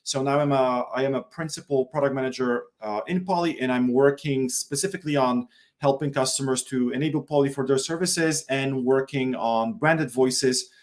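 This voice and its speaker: Halting male guest from Poland. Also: mid-range voice, steady tone. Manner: halting, repeats words. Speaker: product manager guest. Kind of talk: casual webinar chat.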